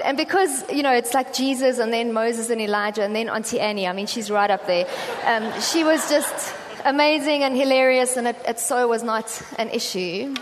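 Chatty South African woman preaching. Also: a little high. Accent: South African English. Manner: chatty storytelling, acting out quoted voices. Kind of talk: conversational sermon. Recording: reverberant hall with faint ambient noise.

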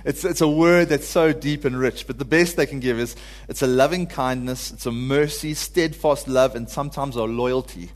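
A man's voice: mid-range voice, normal speed, hardly any pauses, long reverb tail. A man giving an informal, earnest sermon to a congregation, at times rising to pleading cries. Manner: earnest, builds to pleading cries when quoting. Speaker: preacher.

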